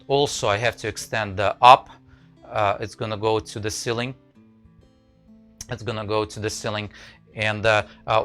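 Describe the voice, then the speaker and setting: A man's voice: mid-range voice, a bit bright, low-quality recording. A man hosting a live woodcarving stream, chatting to viewers with many fillers and restarts. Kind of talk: casual live-stream chat.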